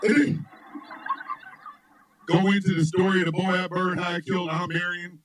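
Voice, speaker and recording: A man hosting a radio show, chatting loosely and telling comic stories, laughing often and shouting his punchlines. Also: high voice, moderate pace, noisy background. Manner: loud, laughing, animated storyteller who shouts punchlines. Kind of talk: loose comedic chat with storytelling.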